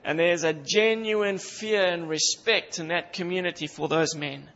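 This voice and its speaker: High-voiced fervent preacher in a reverberant hall. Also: male voice, measured pace, a bit bright. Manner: fervent, emphatic, repeats phrases for emphasis. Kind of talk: sermon. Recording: dull sound with long reverb in a hall.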